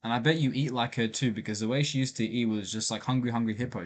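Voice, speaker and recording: A man at a middle pitch, chatting casually on a stream. He teases bluntly with lots of slang and filler. His delivery is loose and offhand. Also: steady tone, very fast. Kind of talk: casual chat.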